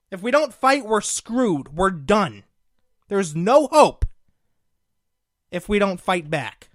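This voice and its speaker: Calling his listeners "folks," a young male political talk show host offers sarcastic, combative commentary in a high voice. The studio sound is clean, with no room sound at all.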